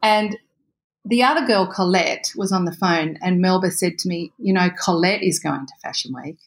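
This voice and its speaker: A woman telling a story in a casual chat, animated, laughing often and acting out the voices of the people in it. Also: on the low side, normal speed.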